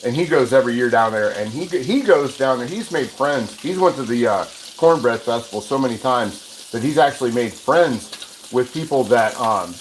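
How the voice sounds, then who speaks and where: Rambling man cooking over a loud sizzle. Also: medium pitch, lively intonation, moderate pace. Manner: rambling and chatty, with many restarts. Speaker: host of a cooking livestream. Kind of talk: casual chat while cooking and reading viewer comments. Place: home kitchen at the stove. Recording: noisy, with frying sizzle behind. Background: sizzling pan and running water.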